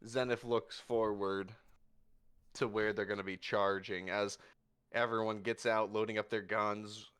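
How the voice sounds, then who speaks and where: Guy running a tabletop game, slow vivid battle narration, bright clear voice. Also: on the low side, little pitch movement. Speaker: game master.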